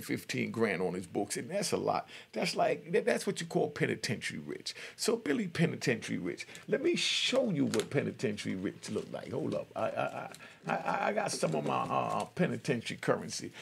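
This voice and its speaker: An older man telling a true story in a casual, streetwise way, often checking in with "you know what I mean". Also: mid-range voice. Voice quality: gravelly.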